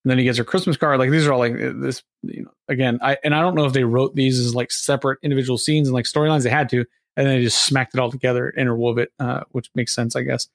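Man, fast rambling recap of scenes, dry close sound. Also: medium pitch, fairly even intonation, creaky, dry recording. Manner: rambling, acts out lines from scenes. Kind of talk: casual chat recapping a movie.

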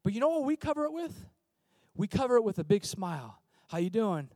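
A middle-aged man preaching a sermon as pastor, conversational and animated, acting out little asides in other voices. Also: very high-pitched, quick pace, no echo.

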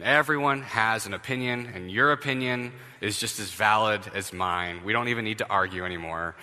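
A man's voice: fairly low pitch, moderate pace, hardly any pauses, sharp tone, in a large hall. A man preaching a sermon as pastor in a loose, conversational way, with wry asides and casual fillers.

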